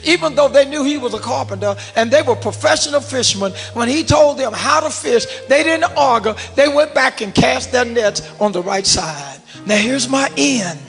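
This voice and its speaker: A pastor with a very high, bright, forceful voice preaches to his congregation, calling out to them and dropping to hushed asides. His voice rings through a large church hall with a long reverb tail, and soft organ music plays under him. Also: expressive, normal speed, gravelly, hardly any pauses. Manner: preaching with call and response, swinging from shouts to low murmurs. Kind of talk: sermon.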